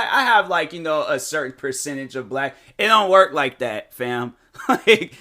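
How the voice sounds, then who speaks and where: A man talking in a casual opinion vlog, animated and slangy with lots of fillers. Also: on the high side. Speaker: vlogger.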